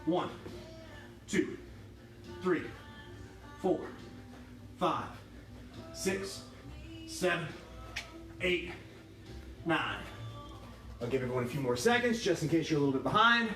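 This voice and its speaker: A man's voice: fairly high pitch, lively intonation, takes it slowly, long pauses, bright, forceful tone. A man teaching a livestreamed kickboxing class, counting reps and joking with the students. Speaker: kickboxing instructor. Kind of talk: livestreamed workout class instruction. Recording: echoey room with music behind.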